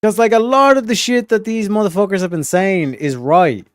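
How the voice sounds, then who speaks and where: A man's voice: high-pitched, moderate pace, no echo, studio quality. A man from Ireland, a streamer reacting to clips in casual, heated, swearing commentary. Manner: heated, swears a lot, acts out voices.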